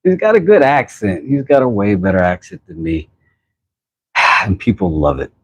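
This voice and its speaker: An American man hosting a casual livestream, rambling and laughing as he gives shout-outs to viewers from his workshop. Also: on the low side, very animated, moderate pace, husky. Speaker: channel host. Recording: dull lo-fi sound.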